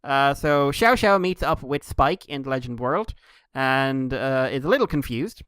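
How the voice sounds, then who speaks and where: Smooth-voiced man on a podcast. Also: medium pitch, lively intonation, a little slow, fairly bright tone, no echo, clean studio sound. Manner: rambling, laughing, with jokey quoted voices. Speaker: podcast co-host. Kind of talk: casual chat, recapping comics.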